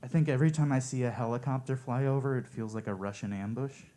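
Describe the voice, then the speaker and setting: A man performing stand-up one-liners at a coffee shop open mic, with a deadpan, offhand delivery. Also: mid-range voice, fast talker.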